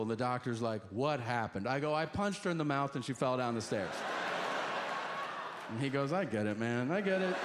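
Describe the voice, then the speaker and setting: A male stand-up comedian telling a long story in a dry, deadpan way, dropping into quick voices for the people in it. His pitch swings widely as he delivers the punchlines. The sound comes from a large, reverberant hall, with the crowd's noise clearly audible behind him. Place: large theater stage with audience. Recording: echoey hall with audience noise. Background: audience laughter.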